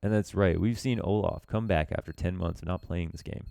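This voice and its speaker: This low-pitched man speaks briskly, his voice mellow with vocal fry, on a recording with no room sound. He's an esports coach reviewing a match demo, guiding viewers in a relaxed, chatty style. He uses lots of filler words and mocks himself a bit along the way.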